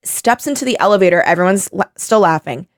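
A woman hosting a casual podcast chat, animated and laughing as she acts out quotes. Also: medium pitch, quick pace, no room sound, studio quality. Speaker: podcast host.

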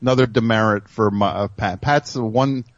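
A man's voice: lowish voice, normal speed, no echo, lo-fi sound. A man hosting a comedy radio show in a studio, rambling through stories and teasing his crew. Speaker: host.

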